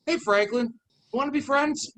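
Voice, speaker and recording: A man's voice: very high-pitched, normal speed, a bit bright, no room sound. A man voicing an eager, friendly male goblin prisoner who keeps asking to be friends. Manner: chirpy, pushy about friendship.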